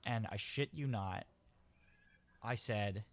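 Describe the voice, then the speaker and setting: A man's voice: lowish voice, slow. A man guest on a podcast, hesitant and self-deprecating, telling a small story over an online call. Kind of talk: casual chat.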